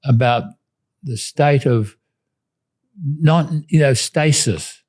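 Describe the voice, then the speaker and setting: A man's voice: on the high side, darkish tone, slightly rough. Older Australian man telling stories. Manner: measured, anecdotal, with restarts. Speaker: guest, retired diplomat. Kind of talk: interview storytelling.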